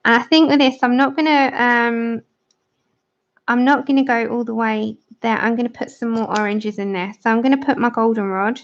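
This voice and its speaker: A British woman talks casually through a livestream while she colours, chatting with viewers and laughing often. Her voice sits a little high. The sound is dull and lo-fi, like a home stream. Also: fairly even intonation, moderate pace. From Britain. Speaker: livestream host.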